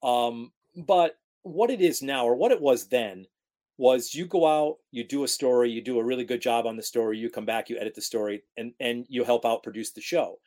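A man's voice: mid-range voice, moderate pace. A man in his forties from upstate New York, a sports broadcaster telling career stories in a casual interview, acting out the voices of the people in them. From Capital Region of New York. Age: 40s. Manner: animated storyteller, acts out quoted talk.

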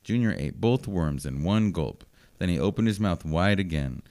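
Guy with a really low voice reading a kids storybook, simple steady phrasing. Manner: slow, even, simple phrasing for children. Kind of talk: reading a children's storybook aloud.

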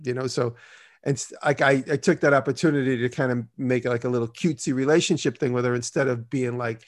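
A man's voice: mid-range voice, steady tone, quick pace. Chatty man telling rambling stories. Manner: rambling, acts out quoted dialogue. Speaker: guest. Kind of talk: casual storytelling.

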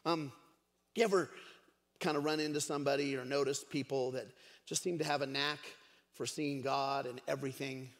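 A man's voice: mid-range voice, steady tone, normal speed. A man preaching a sermon as a pastor, chatty and storytelling, with frequent fillers. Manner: conversational storytelling, many fillers. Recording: echoey hall.

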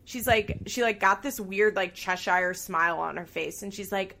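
In a casual reality-show recap, this woman co-hosting a podcast is animated, laughs a lot, and swears from time to time. Her mid-range voice moves at a moderate pace, pushed and bright, with vocal fry.

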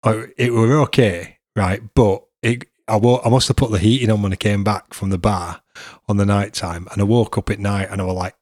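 A man's voice: lowish voice, steady tone, fairly quick, a little mellow, no echo, clean studio sound. A middle-aged man, hosting a podcast and chatting casually with his son, laughing often. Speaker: podcast host.

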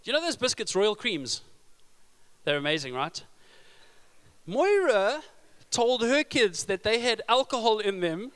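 Bright-voiced pastor preaching. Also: male voice, high voice, sing-song, takes it slowly, pauses often, smooth. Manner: storytelling with humor, rising to loud emphasis. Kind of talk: sermon.

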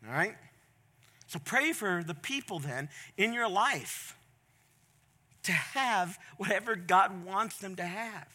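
A man preaching a sermon in a conversational, folksy way, moving between quiet asides and loud, emphatic points. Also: high voice, animated, takes it slowly. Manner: folksy, plain-spoken. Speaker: pastor.

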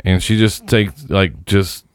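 A man's voice: sits low, slow, clear, resonant tone, dry recording. A man in his late thirties telling rambling, profane stories in casual chat among friends. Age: 30s.

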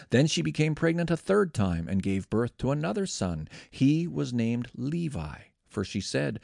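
A man reading scripture aloud in a measured, expressive way. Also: medium pitch, vocal fry, dry recording, studio quality. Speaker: scripture reader.

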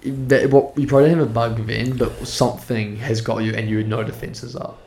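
A man's voice: medium pitch, steady tone, fairly quick, darkish tone. Sick young New man hosting. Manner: candid, frank, joking. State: sick, under the weather. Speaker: podcast host. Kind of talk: casual podcast chat.

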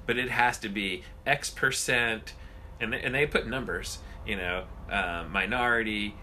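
A man co-hosting a casual podcast chat, ranting and swearing in an animated way. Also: fairly low pitch, unhurried, slight background noise.

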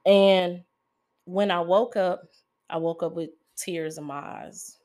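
Slow, low-voiced woman confiding. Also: steady tone, a little mellow. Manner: halting, emotional, pausing often. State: holding back tears. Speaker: podcast host. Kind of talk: confessional podcast monologue.

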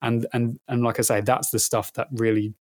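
A man's voice: medium pitch, level tone, normal speed, a little mellow, no echo, studio quality. A man in his thirties, a podcast guest chatting casually, often stalling and repeating words while he gathers his thoughts. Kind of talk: casual conversation.

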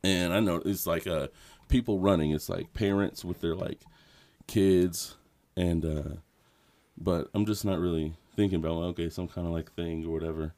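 A man's voice: low voice, normal speed. A man co-hosting a podcast, telling a rambling story in casual chat, swearing and laughing as he goes. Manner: rambling, animated, swears a lot, laughs often. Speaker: podcast co-host.

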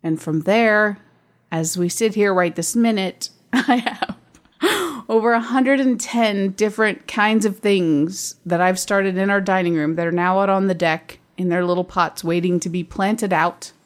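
A woman's voice: mid-range voice, steady tone, unhurried. Blunt woman in her fifties chatting. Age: 50s. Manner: blunt straight talker, laughs often. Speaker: podcast co-host. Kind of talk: casual chat.

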